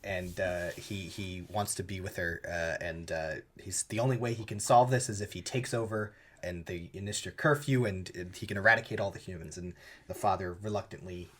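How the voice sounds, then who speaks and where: Low-voiced man recapping a movie. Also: fairly even intonation, fairly quick, a bit bright. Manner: retells scenes with loose, offhand voiced quotes. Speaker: podcast co-host. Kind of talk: casual movie recap chat.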